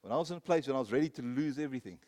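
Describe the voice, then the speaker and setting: A man preaching a sermon, telling personal stories, rising to loud, emphatic peaks and then dropping low. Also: expressive, very fast. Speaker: pastor.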